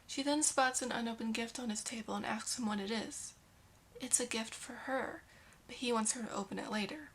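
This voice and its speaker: A woman's voice: fairly high pitch, a little fast, a bit bright, a little hiss or hum. A young woman recapping and critiquing a romantic drama, casual with sarcastic asides. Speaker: film reviewer.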